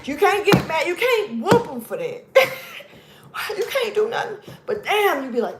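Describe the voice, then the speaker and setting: A woman giving a casual tarot reading, blunt and profane, emphatic, dropping to low mutters. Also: sing-song, measured pace, noisy background. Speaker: tarot reader.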